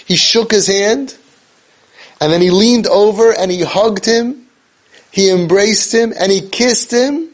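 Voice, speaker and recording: A man's voice: high voice, slow pace. A man giving an inspirational speech, telling a story emphatically and repeating key phrases for effect. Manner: sprinkles Hebrew and Yiddish terms. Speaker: speaker on parenting and faith.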